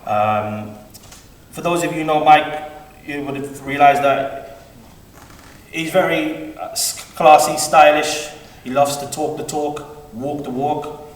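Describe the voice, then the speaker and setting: A man's voice: on the high side, slow, far from the mic. Man giving a eulogy in an echoey hall. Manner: rambling and heartfelt, livening up when quoting his uncle. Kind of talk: funeral eulogy. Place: large hall at a funeral service. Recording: echoey hall, heard from afar, faint room noise.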